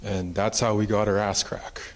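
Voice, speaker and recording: A man's voice: lowish voice, flat delivery, normal speed, heavy background noise. A man presenting at a conference, telling a traditional story in a casual, rambling way with many fillers. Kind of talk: oral storytelling in a conference talk. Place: conference hall.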